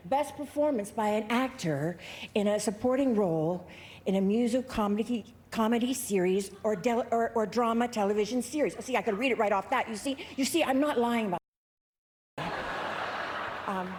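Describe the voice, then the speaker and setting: Rambling, halting middle-aged woman presenter. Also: a little high, darkish tone. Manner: rambling, halting, many fillers and restarts. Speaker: award presenter. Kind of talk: comic onstage anecdote. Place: large ballroom on stage.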